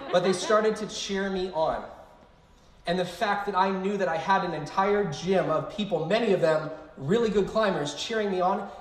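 Lively young youth pastor in echoey hall. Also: male voice, a little high. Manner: animated storytelling, conversational asides. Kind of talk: youth sermon.

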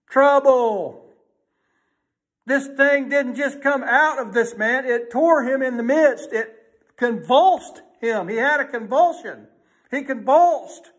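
A male preacher with a notably high voice. He preaches in a folksy, emphatic way, rising to loud bursts and dropping to hushed asides. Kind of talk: sermon.

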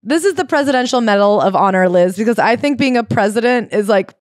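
A woman's voice: a little high, lively intonation, quick pace, dry recording. A woman co-hosting a comedy book podcast, recapping a memoir with sarcastic asides and dry read-aloud passages. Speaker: podcast co-host.

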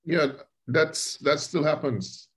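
A man in the class adds a comment, speaking calmly and clearing his throat between phrases. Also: fairly high pitch, slow pace. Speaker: class participant.

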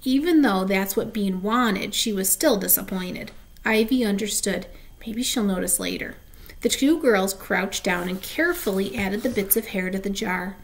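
A woman reading a children's chapter book aloud, gently, with small asides and slips. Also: medium pitch, normal speed. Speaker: storybook reader.

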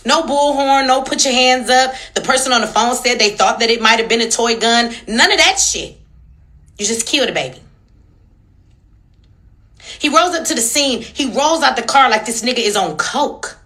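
A young female social media commentator rants heatedly, pressing her points with profanity and rhetorical questions in a fierce, emphatic way. Her bright, tense voice swings widely in pitch, expressive but at a moderate pace.

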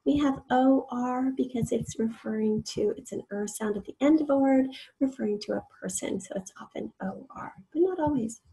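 A spelling teacher, a woman with a soft, very breathy voice and a mellow, darkish tone. She walks through each word patiently, sounding out its parts and explaining the rules as she goes. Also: a little high, normal speed, rough recording. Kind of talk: recorded spelling lesson.

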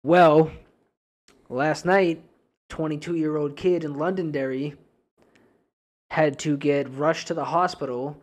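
A man's voice: a little high, steady tone, slow, long pauses, darkish tone. A young man from New Hampshire, co-hosting a podcast in casual, profane, rambling chat with frequent laughs. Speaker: podcast co-host.

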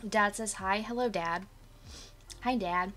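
A woman talks unhurriedly in a medium, somewhat bright voice, hoarse and coughy from having just gotten up. She's live-streaming from her home apartment through a desk mic, bubbly and chatty, calling out viewers by name as she makes casual conversation.

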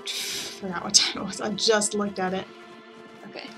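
A woman's voice: mid-range voice, flat delivery, normal speed, vocal fry. A woman chatting casually with rambling asides while playing a video game at home. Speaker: let's player. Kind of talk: casual gameplay commentary. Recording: game music behind voice.

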